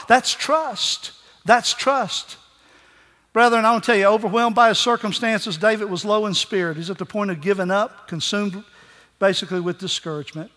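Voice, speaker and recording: A man preaching a sermon with passion, repeating phrases for emphasis and swinging between loud calls and soft words. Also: sits high. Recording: long reverb of a large hall.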